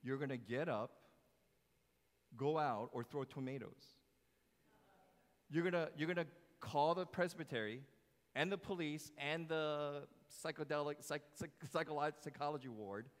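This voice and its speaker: A pastor preaching a sermon, animated, jumping from loud emphasis to quiet low phrases and putting questions to the congregation. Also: male voice, a little slow. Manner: animated, swings between loud emphasis and soft low lines; asks the congregation questions, jokes. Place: church sanctuary. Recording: long hall reverb.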